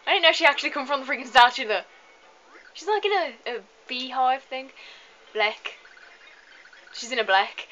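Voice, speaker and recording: A woman's voice: on the high side, normal speed, pauses often, sharp tone, faint music behind. A young woman, tired, chatting casually through a game video and joking at her own stumbles over hard words. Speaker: let's play host. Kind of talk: casual gameplay commentary. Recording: slightly dull lo-fi recording.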